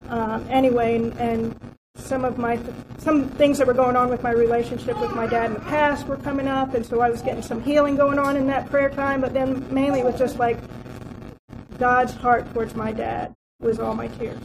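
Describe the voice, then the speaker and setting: A woman's voice: on the high side, little pitch movement, normal speed, noisy background. Woman giving a heartfelt church testimony. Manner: heartfelt, rambling with many fillers. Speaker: outreach team member sharing testimony. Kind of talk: personal testimony at church report.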